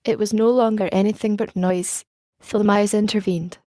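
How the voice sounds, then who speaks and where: A woman narrating a classic novel as an audiobook, reading in a calm, even way. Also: mid-range voice, moderate pace, no echo, clean studio sound. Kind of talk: scripted narration.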